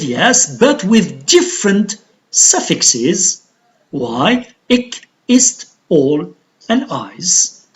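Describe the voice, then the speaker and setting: A woman with an Algerian accent and a mid-range voice teaches a recorded English pronunciation lesson. She speaks deliberately and repeats words so learners can drill them.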